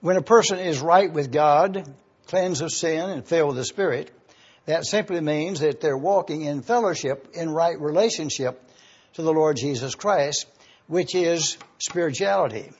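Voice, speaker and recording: A man preaching an evening sermon, teaching in a measured way and repeating key points slowly so listeners can write them down. He speaks to a congregation in an auditorium. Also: a little high, a little mellow, husky. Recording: dull lo-fi recording.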